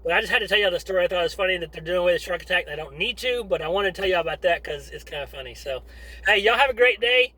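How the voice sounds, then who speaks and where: Chatty man with a bright, high voice. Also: racing, rough recording. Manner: rambling, animated, chatty. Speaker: vlogger telling a story. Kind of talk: casual storytelling.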